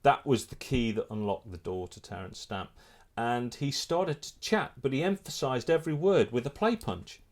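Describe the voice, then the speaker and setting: Middle-aged male photographer, mid-range voice, animated anecdote-telling, frequent restarts. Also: mid-range voice, normal speed, few pauses. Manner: animated storyteller, many restarts. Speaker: photographer and filmmaker. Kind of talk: casual anecdote in an interview.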